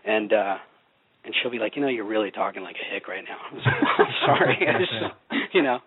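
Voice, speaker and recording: A man's voice: lowish voice, normal speed, breathy edge. A middle-aged man from Oklahoma, a voice actor guest, talking in a rambling, laid-back way with many restarts. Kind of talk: casual interview. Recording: dry, tinny phone-line sound.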